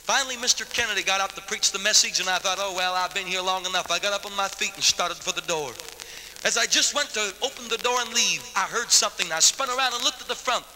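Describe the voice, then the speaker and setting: A man's voice: high voice, fast, sharp tone, slight background noise. A man evangelist giving a dramatic testimony sermon, telling his story vividly with street slang. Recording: long hall reverb.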